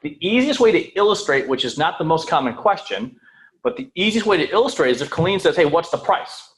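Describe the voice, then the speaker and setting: A man teaching real estate sales in a room with an audience, lively, checking in with "right?" and "okay?" and acting out phone calls. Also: sits high, quick pace, poor audio. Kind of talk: live sales training talk.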